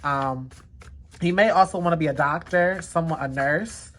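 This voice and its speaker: A woman with a deep voice leads a casual tarot card reading at a moderate pace, slight background noise behind her. She's chatty and says "definitely" again and again.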